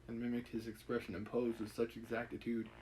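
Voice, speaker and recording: A man's voice: mid-range voice, completely flat delivery, fairly quick, a little mellow, a little hiss or hum, low-quality recording. A man reading a classic novel aloud on a live stream, musing and correcting himself between passages in casual commentary. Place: home setup, live stream.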